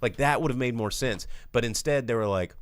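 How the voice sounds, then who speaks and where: A man co-hosting a live show, reviewing a film in casual, rambling chat full of fillers, slipping into quick voices for the characters. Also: mid-range voice, a little hiss or hum. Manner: rambling, filler-heavy, acts out characters' lines. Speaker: podcast co-host, film reviewer.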